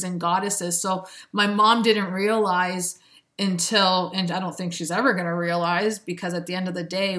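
Woman, lower register, self-help speaker; earnest, preachy delivery with laughter. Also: a bit bright. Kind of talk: motivational monologue.

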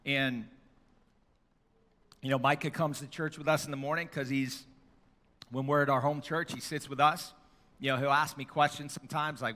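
A man's voice: mid-range voice, steady tone, normal speed, pauses often, pushed and bright, in a large hall. A middle-aged man preaching a sermon in a church, telling stories in a conversational way with fillers.

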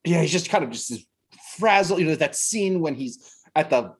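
A man co-hosting a podcast, chatting casually about films in an animated way and laughing often. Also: a little high, moderate pace, husky. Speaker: podcast co-host.

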